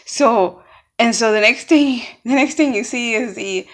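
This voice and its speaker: A woman's voice: on the high side, a little slow, a bit bright. A woman telling a fable in casual, rambling talk with many fillers. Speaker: storyteller. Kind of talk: casual spoken storytelling.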